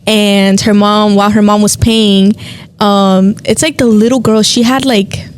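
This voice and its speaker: A woman's voice: medium pitch, measured pace, slight background noise. A woman co-hosting a podcast, telling a faith testimony in casual chat and acting out the voices of people she quotes. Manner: animated storyteller, acts out quoted voices. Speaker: podcast co-host.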